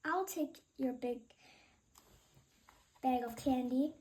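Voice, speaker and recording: A woman voicing a gruff but helpful policeman in a read-aloud storybook. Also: high-pitched, takes it slowly, darkish tone. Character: friendly policeman, adult man.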